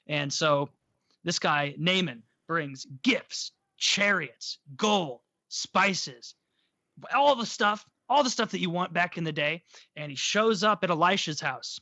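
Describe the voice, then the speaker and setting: A man's voice: sits high, slow pace, bright, forceful tone, no echo. A male podcast host telling a story in a casual, irreverent and profane way, full of jokes. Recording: dull dry recording.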